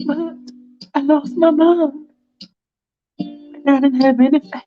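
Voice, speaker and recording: A woman's voice: high voice, fairly even intonation, takes it slowly, faint music behind, voice pushed up. A woman voicing a remorseful woman on trial, confessing earnestly. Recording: dull lo-fi recording.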